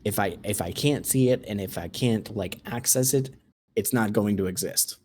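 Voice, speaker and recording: A young man with a somewhat low voice, talking bluntly on a podcast. A faint hiss runs behind him. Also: moderate pace, mellow. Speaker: podcast co-host. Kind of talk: casual chat.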